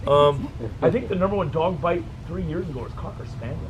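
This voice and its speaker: A man leading a dog-training workshop, telling jokey stories in a casual, animated way. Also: on the high side, a little fast, dull audio, noisy background. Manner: animated, joking storyteller. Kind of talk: casual workshop talk with anecdotes.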